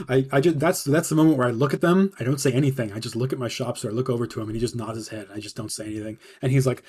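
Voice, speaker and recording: A man's voice: mid-range voice, very fast, slightly rough. A man casually telling a personal story about a work dispute, swearing often and acting out the other people's lines. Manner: profane, animated retelling with quoted dialogue. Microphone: streaming mic.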